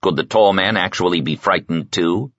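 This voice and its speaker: A man narrating an audiobook in a steady, measured storytelling voice. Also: sits low, dry recording, dull audio. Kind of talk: scripted narration.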